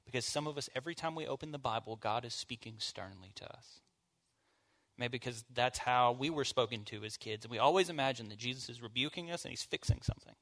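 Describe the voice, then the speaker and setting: A man's voice: medium pitch, quick pace, a bit bright. A man leading a church bible study, teaching in an informal, conversational way and asking the group questions. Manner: informal, asks the group questions, casual fillers.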